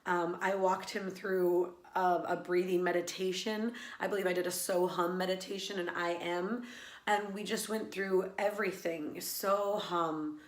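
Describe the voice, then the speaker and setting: A woman's voice: on the low side, fairly even intonation, measured pace, echoey room. A woman who teaches laughter yoga, talking earnestly and reflectively in a personal vlog, with many fillers and restarts.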